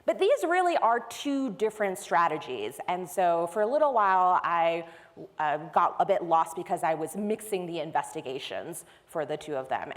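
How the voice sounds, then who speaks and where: Woman speaking in a reverberant hall. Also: fairly low pitch. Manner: conversational, explains step by step. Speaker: conference speaker. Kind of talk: technical conference talk. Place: large conference hall.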